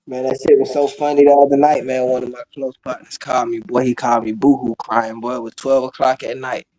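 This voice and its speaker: A man telling a story in casual chat, animated, acting out the voices of the people in it and laughing often. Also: mid-range voice, brisk, low-quality recording. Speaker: podcast host.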